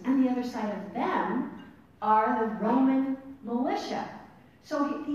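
A woman teaching a Bible study class, animated and asking her listeners questions. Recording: distant mic in an echoey room with rumble.

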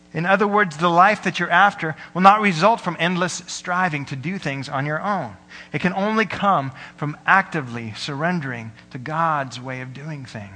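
A young male pastor preaches in a big, echoing hall, his voice slightly high and ringing bright. He tells stories earnestly and slips into the voices of the people in them. Underneath it all he sounds tired. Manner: earnest storytelling with quoted voices. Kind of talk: sermon. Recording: long hall reverb.

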